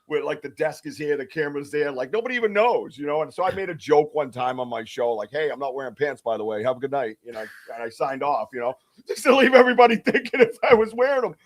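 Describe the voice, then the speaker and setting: A man's voice: a little high, fast, few pauses. A man hosting a podcast, chatting casually and joking about himself. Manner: animated, jokey, self-mocking. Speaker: podcast host. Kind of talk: casual chat.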